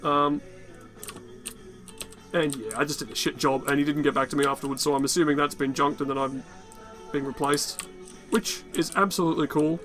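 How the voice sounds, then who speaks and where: A man with a raspy, worn-out voice giving rambling, casual gameplay commentary, muttering to himself and swearing often. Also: fairly high pitch, steady tone, normal speed, long pauses, a bit bright, soft background music. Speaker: gaming channel host.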